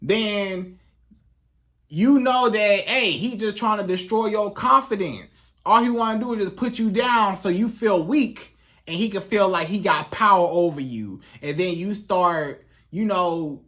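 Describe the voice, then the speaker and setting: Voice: medium pitch, a little slow, fairly bright tone. A relationship coach giving casual, emphatic advice straight to the viewer, repeating points for stress. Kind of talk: casual advice monologue to camera.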